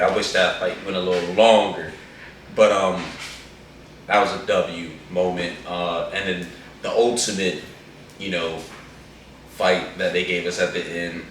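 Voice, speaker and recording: A man with a low voice chats in an animated, slangy ramble. He sits away from the mic in a very echoey room. A faint hum runs under him. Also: recorded from a distance. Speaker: co-host reviewing an anime movie. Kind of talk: casual chat.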